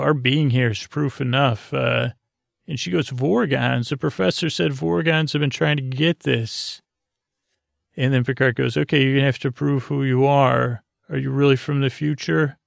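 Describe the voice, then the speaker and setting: Guy mumbling thru a tv recap, lots of uhs, flat and kinda gravelly. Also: mid-range voice, dry recording. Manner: meandering, lots of uh fillers, paraphrases dialogue loosely. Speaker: podcast host. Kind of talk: drowsy episode recap.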